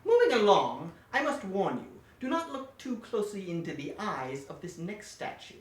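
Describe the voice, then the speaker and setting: A woman's voice: medium pitch, very animated, normal speed, lightly acted. A woman playing a pompous scheming villain professor. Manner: pompous, insulting, theatrical. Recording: echoey room, distant mic.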